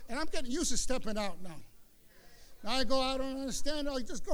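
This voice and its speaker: A male pastor preaching a sermon in an emphatic style, sometimes rising into shouts. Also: very high voice, expressive, brisk, smooth.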